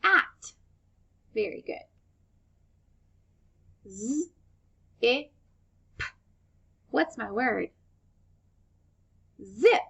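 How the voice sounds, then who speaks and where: Slow, gravelly woman teaching phonics. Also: a little high, lively intonation. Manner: slow, clear sound-by-sound modeling, encouraging. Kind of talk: phonics lesson for young children.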